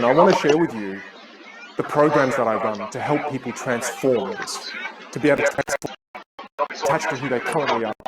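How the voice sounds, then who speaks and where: Fast, animated male speaker before a crowd. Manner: animated, acting out inner voices with big pitch jumps. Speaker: communication coach. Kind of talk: live seminar talk.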